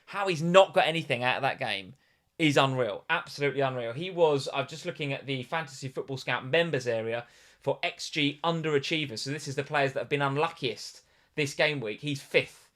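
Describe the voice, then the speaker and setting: A man co-hosting a live stream about fantasy football, animated and given to repeating his exclamations. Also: mid-range voice, brisk. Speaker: podcast co-host.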